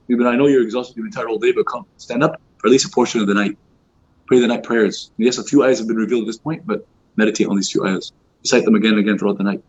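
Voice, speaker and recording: Fast-talking husky man teaching youth. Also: medium pitch. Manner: fast, informal, many fillers like "you know" and "like"; acts out quoted speech in lively voices. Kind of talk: casual religious talk to youth. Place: mosque hall. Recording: dull lo-fi recording.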